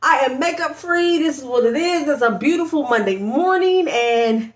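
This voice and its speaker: A woman's voice: sits high, lively intonation, moderate pace, roomy sound. A young woman vlogger chatting casually at home about her pregnancy, bubbly and talkative, laughing often and saying y'all. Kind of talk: casual pregnancy vlog chat.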